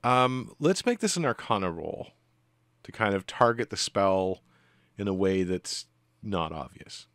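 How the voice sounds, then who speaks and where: A man's voice: low-pitched, animated, unhurried, a bit bright, dry recording, studio quality. A man narrating as game master in a tabletop game, rambling a little with frequent ums. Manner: rambling, with many ums and restarts.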